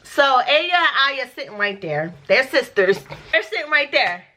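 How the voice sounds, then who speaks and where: A woman telling a storytime vlog in a casual, profane, animated way, acting out the dialogue as she goes. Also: high voice, moderate pace. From United States. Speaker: vlogger.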